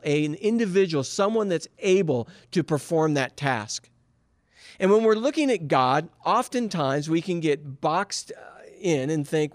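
A man's voice: a little high, dry recording, clean studio sound. A middle-aged man giving a conversational sermon as a pastor, earnest, with many rhetorical questions. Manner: earnest, asks rhetorical questions, frequent "you know".

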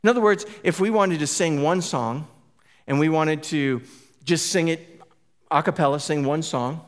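A man's voice: fairly high pitch, normal speed. A pastor giving a conversational sermon, often restarting phrases and asking his listeners questions. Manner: informal, repeats words, asks the listeners questions.

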